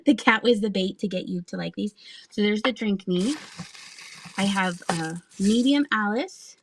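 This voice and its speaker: A woman in her thirties runs a live auction stream, chatting casually with viewers and laughing often as she sells items. Her mid-range voice is husky, lively in intonation and a little slow, with no room sound.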